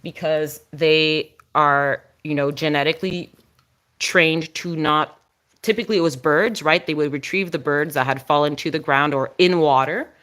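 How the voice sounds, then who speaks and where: A woman's voice: low-pitched, steady tone, moderate pace, fairly bright tone. Chatty woman live-streaming with her dog. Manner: chatty, explains dog breeds, coos at the dog. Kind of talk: casual live-stream chat.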